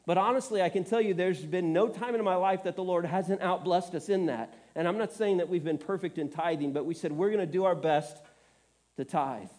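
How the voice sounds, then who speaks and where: A man's voice: high-pitched, fairly quick, a little mellow. A middle-aged man preaching a sermon, telling stories earnestly with self-deprecating humor, choked up and tearful. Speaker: pastor.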